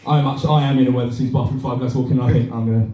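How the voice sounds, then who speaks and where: Live in a cafe bar, the comedian speaks very fast at medium pitch against a noisy background. His stand-up is crude, rambling and animated with plenty of swearing, and the echoey recording picks him up from a distant mic.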